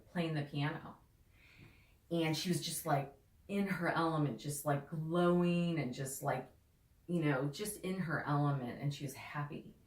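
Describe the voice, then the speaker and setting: Low-voiced woman, rambling healer. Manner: rambling, heavy with "like" and "you know". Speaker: guest, holistic healer. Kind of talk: casual conversational interview talk. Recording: echoey room.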